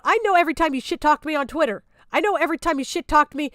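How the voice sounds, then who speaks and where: A young woman vents on her stream in a high, piercing voice, swearing freely and circling back to the same complaint. The sound is dry, with no room echo. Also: very fast, fairly bright tone. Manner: heated, profane, repeating her points. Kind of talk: angry reaction rant.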